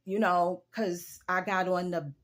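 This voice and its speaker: A woman in her forties giving a casual opinion rant to her viewers, telling a story with emphatic, drawn-out delivery and big jumps in her voice. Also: fairly low pitch, flat delivery. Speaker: vlogger.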